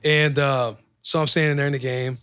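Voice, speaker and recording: A young man, a football player, telling an animated, profane story in casual podcast chat and acting out the voices in it. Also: mid-range voice, moderate pace, clear, resonant tone, no room sound, studio quality.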